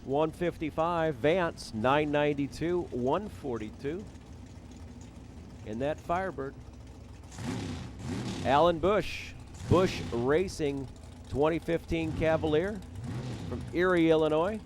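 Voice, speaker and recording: At a drag strip, a male announcer calls the races live, rattling off names, towns and times in a jokey, self-deprecating way. His voice is on the high side and slow with long pauses, and loud race cars make the background noisy.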